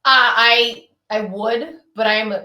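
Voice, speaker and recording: A woman's voice: on the high side, steady tone, slow pace, sharp tone. A woman in her thirties, a punk band musician, telling stories animatedly in a casual interview chat from her home, swearing freely. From Southern California. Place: home, indoors with dogs. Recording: echoey room.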